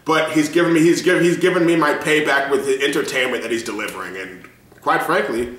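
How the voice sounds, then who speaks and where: Male reviewer, high and bright, loose and profane, quick to laugh, echoey room. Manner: excitable, profane, laughing often. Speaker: show reviewer. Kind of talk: casual reaction review.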